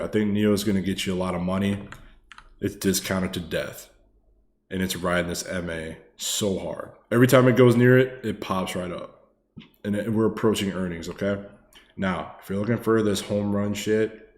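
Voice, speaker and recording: A man giving casual live-stream stock chart commentary, excitable and loose, swearing freely and tagging lines with "man" and "okay.". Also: sits low, reverberant.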